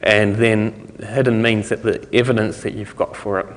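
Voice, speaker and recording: A man's voice: on the low side, level tone, moderate pace. A man giving a technical conference talk, explaining ideas in a loose, conversational way, recorded in a conference hall. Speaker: conference speaker. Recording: long hall reverb.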